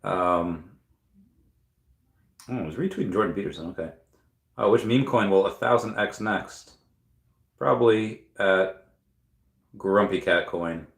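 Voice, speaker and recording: Guy with a lowish voice rambling on a stream at home, lots of ums, echoey room. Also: measured pace, gravelly, pauses often. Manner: rambling, thinking aloud with many fillers. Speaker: crypto livestream host. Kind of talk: casual livestream chat, reading viewer comments aloud.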